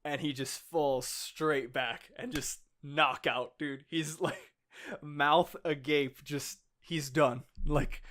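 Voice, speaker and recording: This is an excitable man co-hosting a podcast, with a voice pitched a touch higher than most men's. He laughs often and swears freely. He acts out the lines he retells. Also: slow. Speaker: podcast co-host. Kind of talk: casual chat.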